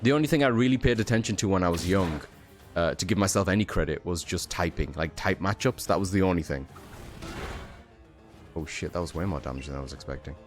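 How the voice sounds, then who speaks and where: A man's voice: low-pitched, expressive, fast, faint music behind. A young man streaming a game, talking in a tired, rambling way full of fillers and casual swearing. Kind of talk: casual gameplay commentary.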